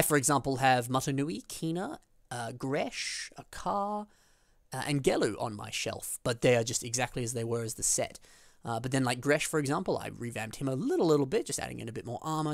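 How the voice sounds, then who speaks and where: A man hosting a building show, chatting casually and enthusiastically about fan builds, his voice leaping up in pitch on the words he stresses. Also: creaky, no echo, clean studio sound. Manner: enthusiastic, with big pitch jumps on emphasis; chatty, with frequent fillers and restarts.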